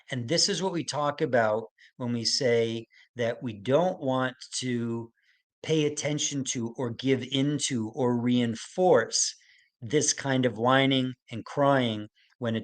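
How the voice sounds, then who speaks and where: Middle-aged male expert, gentle webinar lecture, repeats key points, asks if it makes sense. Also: mid-range voice. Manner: explains slowly with repeated phrases and acted examples; gentle, checks in with listeners. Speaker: autism expert presenting a webinar.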